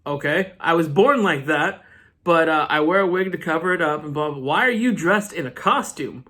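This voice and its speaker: A man's voice: a little high, lively intonation, normal speed, sharp tone. Male reader voicing an evasive young woman, dismissive, loose paraphrase.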